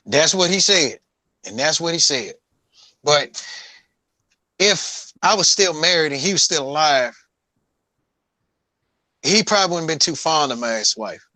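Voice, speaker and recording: A man's voice: on the high side, animated, unhurried, pauses often, sharp tone, no room sound, low-quality recording. A man casually and profanely telling a rambling story about his late father, with many restarts. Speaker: guest.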